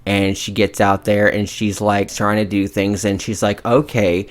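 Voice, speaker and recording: A low-voiced man co-hosting a podcast who recaps a movie plot with animated, profane energy. He talks in a casual, loose way. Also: normal speed. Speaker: podcast co-host.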